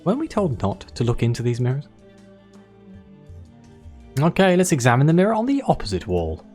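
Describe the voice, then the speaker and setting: A man's voice: medium pitch, very animated, a little fast, a little mellow, faint music behind. A man reading an interactive fiction game aloud, adding wry, chatty asides as he plays. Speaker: let's play host.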